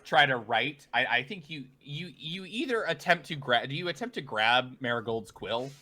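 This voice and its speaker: A man's voice: mid-range voice, lively intonation, moderate pace, bright, forceful tone. A man narrating as game master in a tabletop game, rambling with frequent fillers.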